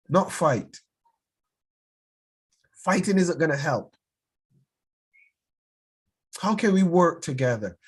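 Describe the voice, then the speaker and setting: Impassioned bishop urging a youth class. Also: medium pitch. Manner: urgent, repeats words while pressing a point. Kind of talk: impassioned sermon-like teaching.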